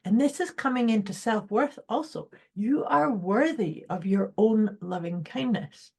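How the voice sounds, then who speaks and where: Woman cohost on a chat podcast, thoughtful and encouraging, mid pitch. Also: measured pace, creaky, a little mellow, breathy edge. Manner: reflective, encouraging. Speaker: podcast co-host. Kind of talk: casual chat.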